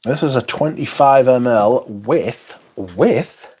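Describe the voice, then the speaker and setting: A man's voice: mid-range voice, unhurried, a little mellow. A man hosting a livestream, casually chatting and reading out viewer comments in a rambling way at home. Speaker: livestream host reading chat. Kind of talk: casual chat. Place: home room.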